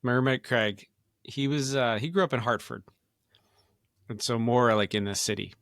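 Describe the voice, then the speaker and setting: A middle-aged man co-hosting a podcast in casual chat, relaxed and rambling with many fillers. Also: mid-range voice, normal speed, vocal fry, no echo, studio quality. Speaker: podcast co-host.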